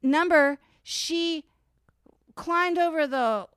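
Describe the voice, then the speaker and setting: A woman's voice: high voice, very slow, fairly bright tone, no room sound, clean studio sound. Chatty woman telling a story. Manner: rambling storytelling with many "like"s. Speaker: podcast co-host. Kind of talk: casual chat.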